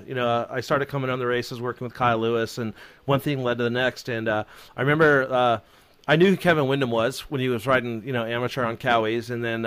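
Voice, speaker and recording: A man appearing as a guest on a casual show, telling stories with animated quoted voices and some swearing. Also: medium pitch, clear, resonant tone, no echo. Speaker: studio guest. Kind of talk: casual storytelling.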